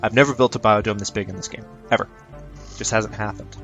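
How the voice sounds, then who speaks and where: A man's voice: fairly low pitch, steady tone, quick pace, a bit bright, faint music behind. A man giving casual let's-play commentary, chatty and upbeat, thinking aloud with fillers as he plays. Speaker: gameplay commentator.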